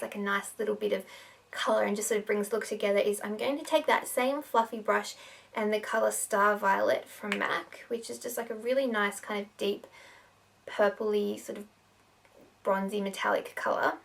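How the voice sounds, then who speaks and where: Chatty woman with a gravelly voice. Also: mid-range voice, distant mic. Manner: chatty, lots of "sort of" fillers. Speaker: makeup tutorial host. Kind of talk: casual makeup tutorial.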